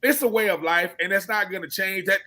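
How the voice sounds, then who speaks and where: Bright, animated Southern-accented man. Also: high-pitched, brisk. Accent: Southern American. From American South. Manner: animated, storytelling, acts out quoted voices. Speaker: sports radio panelist. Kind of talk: casual sports talk.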